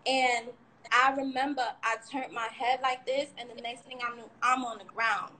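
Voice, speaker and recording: A woman's voice: fairly high pitch, steady tone, normal speed, pushed and bright, a little hiss or hum, low-quality recording. A young woman telling a candid, rambling personal account of a frightening ordeal on a livestream, cursing now and then. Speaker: shooting survivor sharing her story.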